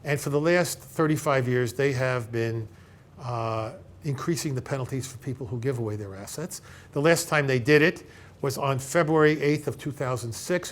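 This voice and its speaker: A man, an elder law attorney, giving a conversational seminar to a live audience, retelling client conversations and often checking in with "okay?". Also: a little high. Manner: animated storyteller who acts out both sides of conversations. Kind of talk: conversational seminar talk with retold client dialogues.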